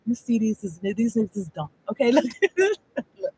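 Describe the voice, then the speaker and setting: A woman's voice: fairly high pitch, very animated, moderate pace, dark tone, slight background noise, poor audio. A woman giving a casual tarot reading, rambling and profane, laughing often as she talks. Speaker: tarot card reader.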